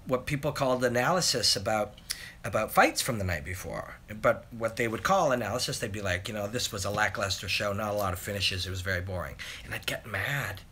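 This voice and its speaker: A man in his forties with a bright, forceful voice, chatting through a live stream Q&A. He rambles, reads viewers' questions aloud and pokes fun at himself. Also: lowish voice. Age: 40s. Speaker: host. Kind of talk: live Q&A chat.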